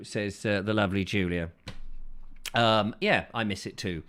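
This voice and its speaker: Man, call-in show host, lively up-and-down pitch, jokey rambling chat. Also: moderate pace, smooth. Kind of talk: casual chat.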